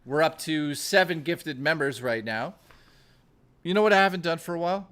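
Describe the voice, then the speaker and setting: Speaking at normal speed in a highish, somewhat bright voice, a man hosts a livestream and chats casually with viewers. He reads chat aloud and keeps joking, with lots of swearing.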